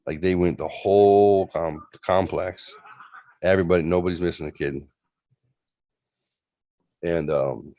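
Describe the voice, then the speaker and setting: A man's voice: sits low, mellow, dry recording. A man telling a rambling spooky story in a casual way, slipping into raised voices for the people in it. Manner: rambling, acts out voices in quotes. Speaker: host retelling a story.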